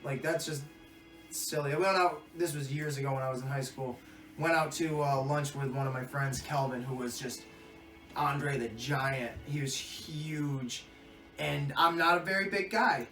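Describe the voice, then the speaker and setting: A man's voice: medium pitch, unhurried. Crude, laughing man telling stories. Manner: crude, laughing, animated storyteller. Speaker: podcast co-host. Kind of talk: casual chat, storytelling. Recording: echoey room, distant mic, faint music.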